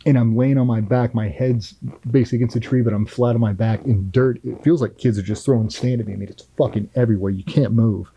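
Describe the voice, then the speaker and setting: A middle-aged man tells a firsthand war story in a blunt, profane, vivid way. His voice is very dark and mellow, and it sounds dry and close, with almost no room around it. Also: mid-range voice, steady tone, fast, breathy edge, no echo, highs cut off. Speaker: former Navy SEAL guest.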